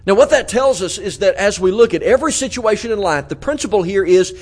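A man's voice: high-pitched, expressive, fast, a little mellow. A man preaching a conversational sermon in a church, earnest, with frequent restarts and repeated words. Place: church auditorium.

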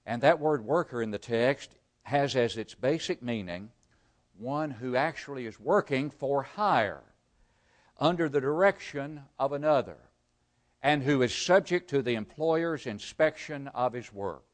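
A man preaching a sermon. He reads scripture aloud, explains it and asks the congregation rhetorical questions, rising loud for emphasis and dropping almost to a murmur. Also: medium pitch, lively intonation, unhurried. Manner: rises loud for emphasis, then drops to a near-murmur.

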